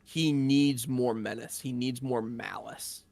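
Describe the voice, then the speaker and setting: A man talking through ideas in a relaxed group chat, in a measured and agreeable way. His voice is mid-pitched and sits dry and close, with no room sound around it. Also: vocal fry, dry recording. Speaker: co-host of a movie discussion show. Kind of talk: casual group discussion.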